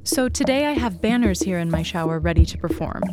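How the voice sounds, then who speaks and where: A woman's voice: lowish voice, expressive, a little fast. A woman hosting a casual music show, upbeat and playful, laughing along with her guest. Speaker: host.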